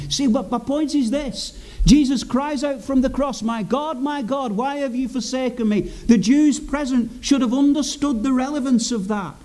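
A man's voice: a little high, mellow. A man preaching a sermon in an earnest, emphatic way, repeating key phrases for weight.

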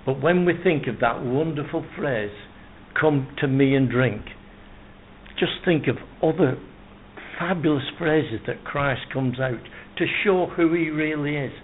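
The sermon comes from a man whose voice is on the high side and a little slow. He's earnest and emphatic, quoting scripture at length and layering repeated phrases. Faint noise accompanies a tinny, phone-like sound.

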